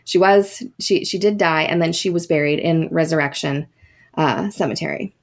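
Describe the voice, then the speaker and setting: A woman's voice: low voice, steady tone, normal speed. Chatty woman telling a ghost story. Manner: chatty, lots of fillers and asides. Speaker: podcast host. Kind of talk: casual storytelling.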